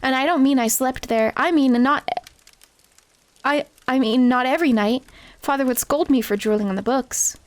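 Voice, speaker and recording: A woman's voice: high-pitched, normal speed, no echo, lightly acted. A woman reading the lines of a polite, bookish young female scholar critter from a cozy game.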